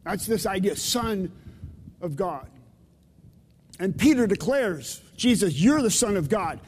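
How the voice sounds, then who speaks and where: Unhurried high-voiced man preaching. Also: sing-song, darkish tone, slightly rough, long reverb tail. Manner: conversational, asks the congregation questions. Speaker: pastor. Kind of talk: sermon. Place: church sanctuary.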